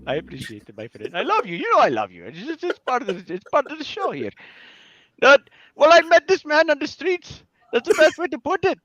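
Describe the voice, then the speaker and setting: A man's voice: very high voice, very animated, a little fast, bright, forceful tone, no room sound, highs cut off. A man in casual chat who teases his partner in joking banter over an online call.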